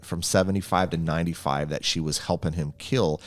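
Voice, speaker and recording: A man's voice: sits low, steady tone, brisk. A man co-hosting a film review podcast in casual chat, musing aloud and asking questions as he restarts his thoughts. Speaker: podcast co-host.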